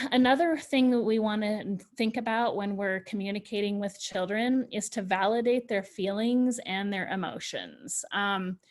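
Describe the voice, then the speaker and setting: A woman presenting a parenting workshop in a loose, chatty way, with lots of "you know" and restarts. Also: medium pitch. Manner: chatty, full of fillers and restarts. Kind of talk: informal talk to parents.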